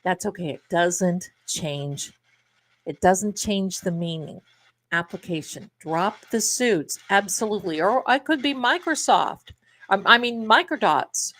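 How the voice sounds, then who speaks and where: A woman's voice: medium pitch, lively intonation, measured pace, a bit bright. A middle-aged woman hosting a live tarot stream, chatting casually and rambling to her viewers, calling them her darlings.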